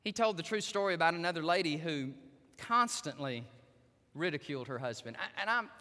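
Animated high-voiced male preacher. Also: a little fast, long reverb tail. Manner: animated storytelling, addresses the women in the audience directly. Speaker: pastor. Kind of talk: sermon.

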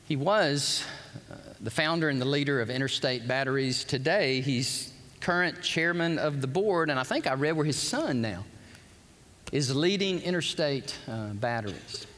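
A man preaching a sermon, telling stories in an animated way and acting out what people said. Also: medium pitch, big-room sound. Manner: animated storytelling, acts out quotes.

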